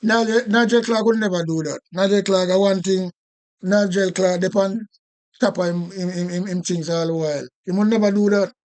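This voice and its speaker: A man's voice: sits high, steady tone, moderate pace, darkish tone. A man with a Jamaican accent ranting indignantly on a live stream, repeating himself and swearing. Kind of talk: casual political rant.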